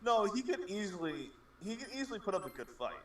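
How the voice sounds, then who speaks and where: A man's voice: high voice, sing-song, fast, fairly bright tone, distant mic, slight background noise. A man co-hosting a casual gaming stream, telling stories and swearing freely. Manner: profane, rambling storyteller. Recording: echoey and off-mic with music.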